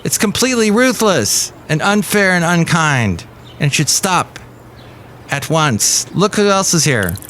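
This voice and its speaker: A man's voice: on the high side, sing-song, unhurried, fairly bright tone, a little hiss or hum. A man hosting a comedy podcast, reading the news with goofy puns and playful asides. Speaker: podcast host.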